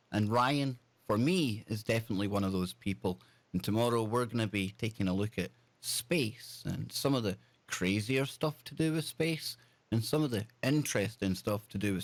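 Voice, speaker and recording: A man with a British accent hosting his own podcast, talking solo in a chatty, excitable, self-deprecating way. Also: fairly low pitch, no room sound. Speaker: podcast host.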